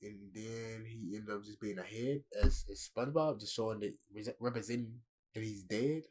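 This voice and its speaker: A man hosting a reaction video, talking casually and excitably with slang and swearing. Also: on the low side, moderate pace, slight background noise.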